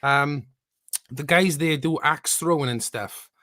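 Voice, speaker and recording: A man hosting a podcast, opening the episode and bantering in a relaxed, upbeat way over a video call. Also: on the high side, slow, no room sound, studio quality. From Wales. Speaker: podcast host. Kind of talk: casual chat.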